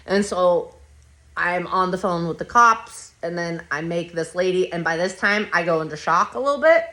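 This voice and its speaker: Woman podcast host, bright and forceful, slightly low-pitched, swears freely, rambles through a story. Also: moderate pace. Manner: blunt, profane, rambling retelling. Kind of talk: casual personal storytelling.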